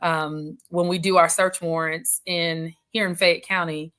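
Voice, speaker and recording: A middle-aged woman judge telling stories in a casual interview, animated and acting out what people said. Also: fairly low pitch, measured pace, smooth. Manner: animated storyteller, laughs often, acts out quotes.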